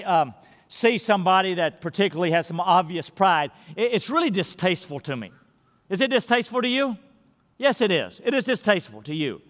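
A man preaching a sermon as pastor, earnest and repetitive, sometimes dropping his voice to a hush to stress a word. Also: high voice. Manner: earnest, repeats key words, drops to a hush for emphasis. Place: large church sanctuary. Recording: long hall reverb in a big church.

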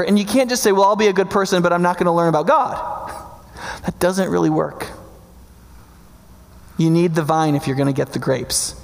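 A man preaching a sermon in a relaxed teaching tone, often pausing to ask his listeners "right?" His voice sits a little high with a gravelly edge. The sound carries a long reverb, as from a large hall. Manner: conversational teaching with frequent "right?" check-ins. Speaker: pastor.

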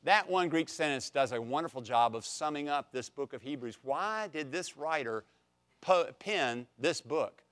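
A man's voice: on the high side, lively intonation, moderate pace, a bit bright. Emphatic young man teaching a Bible class. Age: young adult. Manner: emphatic, repeats phrases with rising intensity; jokes lightly with the class.

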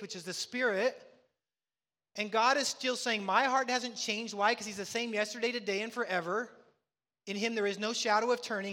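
A man's voice: sits high, bright, forceful tone, big-room sound. A man preaching a sermon as pastor, emphatic, asking rhetorical questions and answering them.

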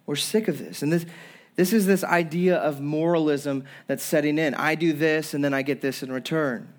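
A man's voice: a little high, steady tone, moderate pace. A young man preaching a sermon as pastor, earnest, with frequent restarts and acting out people's complaints. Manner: earnest preaching with repeated restarts and acted-out quotes.

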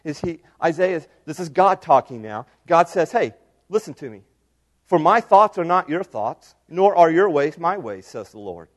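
A man pastor preaching a sermon, animated and swinging from loud emphatic lines to hushed ones. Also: on the high side, normal speed, hardly any pauses.

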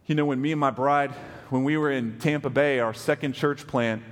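Texan pastor preaching in a reverberant hall. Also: male voice, mid-range voice, steady tone, moderate pace. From West Texas. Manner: conversational, asks the congregation questions. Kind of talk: sermon.

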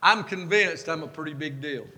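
A pastor preaching a sermon, folksy and self-mocking, building to fervent preaching. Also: male voice, on the high side, normal speed, sharp tone, a little hiss or hum. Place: church sanctuary. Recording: long hall reverb.

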